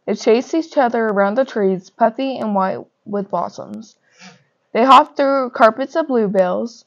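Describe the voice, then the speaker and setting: Young woman, storybook reader, lively and gentle, muffled lo-fi sound. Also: on the high side, a little slow. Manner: lively storybook reading with gentle character voices. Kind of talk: reading a picture book aloud. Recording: dull lo-fi recording.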